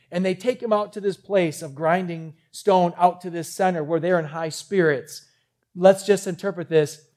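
High-voiced male preacher. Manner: animated storytelling, acting out quotes. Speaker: pastor. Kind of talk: sermon.

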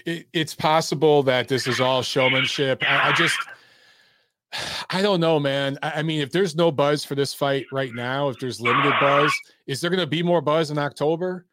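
A man's voice: on the high side, normal speed, background noise. A man hosting a live call-in show about boxing, talking casually and bluntly with plenty of swearing as he reads the chat and takes calls. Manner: blunt, profane and laid-back.

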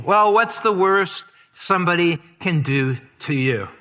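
Bright-voiced preacher in a reverberant hall. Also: male voice, high-pitched, expressive, unhurried. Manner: emphatic, draws out key words, reads scripture aloud. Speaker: pastor. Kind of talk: sermon.

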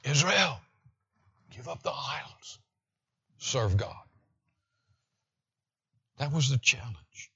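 A man preaching a sermon with emphasis, slowing down to read scripture aloud. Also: mid-range voice, animated, vocal fry, a bit bright, slightly rough, highs cut off. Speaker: pastor.

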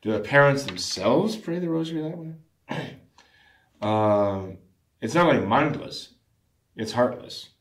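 A man earnestly discussing family prayer in a measured, instructive way, often restarting phrases and clearing his throat. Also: medium pitch, expressive, roomy sound.

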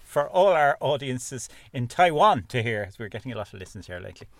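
A man's voice: medium pitch, sing-song, a little fast, no room sound. A man chatting casually about a film as a podcast co-host, laughing often and trailing off mid-sentence. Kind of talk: casual film review chat.

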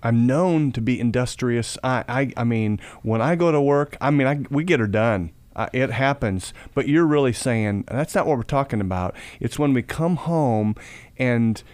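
A man's voice: medium pitch, moderate pace, a little mellow, dry recording. A man hosting a Christian talk show, chatting in a folksy way and adding short prayers. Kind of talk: casual interview chat.

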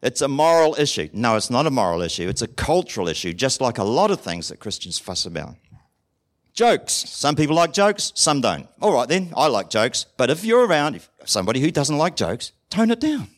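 A New man preaching in a chatty, conversational sermon. His pitch leaps up and down in a very animated way, and he keeps asking the congregation questions. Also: moderate pace. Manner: acts out short dialogues in different voices. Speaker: pastor.

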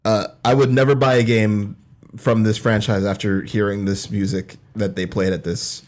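A man hosts a casual chat podcast. He moves the conversation from one topic to the next with animated, easy talk. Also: lowish voice, moderate pace. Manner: animated, runs the segments. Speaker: podcast host.

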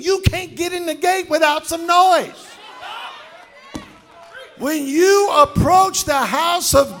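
A man preaching a sermon as pastor, building to loud shouted call-and-response. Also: very high-pitched.

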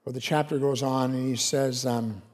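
A man's voice: medium pitch, fairly even intonation, moderate pace, a little mellow. A man preaching a sermon as pastor, in an earnest, conversational way full of rhetorical questions. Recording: long reverb of a large hall.

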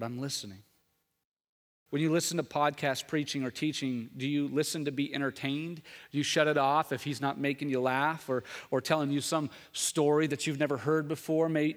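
A man preaching as a pastor, swinging from loud rhetorical questions to hushed, intimate tones. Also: on the high side, big-room sound. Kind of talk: sermon. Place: church sanctuary.

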